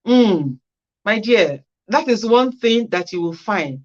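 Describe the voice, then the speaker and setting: Slow and expressive, with a medium-pitched, darkish tone, this female care worker reads out comments on her casual livestream. She answers each in a chatty way with practical advice, and the sound quality is lo-fi.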